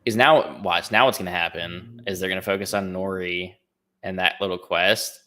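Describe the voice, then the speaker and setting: Low-voiced man with bright, dry remarks. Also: fairly even intonation, moderate pace. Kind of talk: casual chat.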